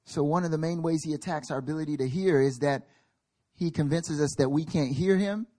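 A man's voice: a little high, brisk, dark tone. A male pastor preaching a sermon at a church service, emphatic and building in intensity, acting out little quoted voices.

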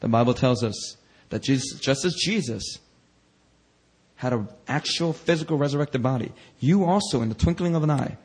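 A man preaching a lively sermon in church, acting out quoted voices with slangy asides and a husky edge. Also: mid-range voice, normal speed. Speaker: pastor.

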